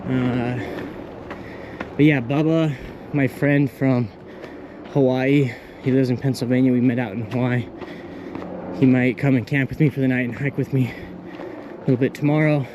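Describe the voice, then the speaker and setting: A man's voice: mid-range voice, steady tone, normal speed, pauses often, background noise. A young man vlogging casually while hiking outdoors on a rural trail, rambling and easily delighted, talking into a handheld camera. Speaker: thru-hiker vlogger.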